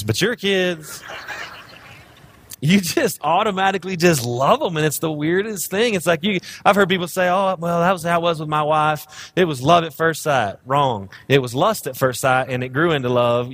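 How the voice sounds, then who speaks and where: A man's voice: a little high, a bit bright, slightly rough, dry recording. A man, a guest pastor preaching a humorous sermon, telling jokes and stories about his own family. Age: 30s. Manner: joking, storytelling, self-deprecating.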